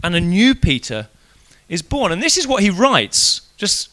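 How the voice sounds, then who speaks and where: A man whose voice sits high talks a little slowly as he preaches an evening sermon in church. He's casual and conversational, telling the story animatedly and acting out the quoted voices.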